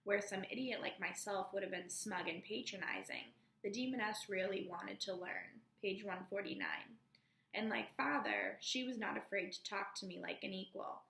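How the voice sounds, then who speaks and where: A woman teacher reads a novel aloud to her class in a measured, careful voice, calling out page numbers as she goes. Her voice is very gravelly with a bright, crisp tone. The room gives it a clear echo. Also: medium pitch, big pitch swings. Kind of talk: reading a novel aloud to students.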